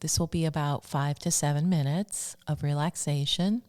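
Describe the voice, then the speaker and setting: A woman hosting a spiritual self-help radio talk, speaking slowly and soothingly as she leads listeners through repeated affirmations. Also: sits low, steady tone, a little mellow. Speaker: radio show host.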